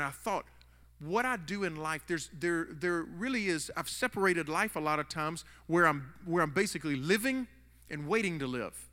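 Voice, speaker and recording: A man's voice: sits high, pushed and bright. A man preaching a sermon in a casual, rambling way, restarting sentences as he tells a story in a church. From United States. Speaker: pastor. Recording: long hall reverb.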